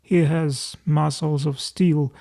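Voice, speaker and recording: A man reading a novel aloud as an audiobook narrator, in slow, deliberate storytelling. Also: on the high side, steady tone, gravelly, warm tone.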